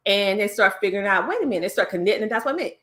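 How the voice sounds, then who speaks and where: A woman with a Southern US accent and a country twang, telling her story as a guest in a casual interview, lively and acting out other voices. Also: medium pitch, very fast. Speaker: podcast guest.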